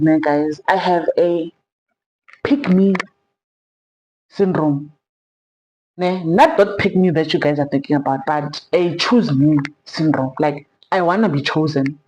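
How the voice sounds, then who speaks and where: A young South African woman telling a personal story in a sit-down vlog, animated and sprinkling in Zulu slang. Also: low-pitched, takes it slowly, long pauses, a little hiss or hum, rough recording. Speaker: vlogger.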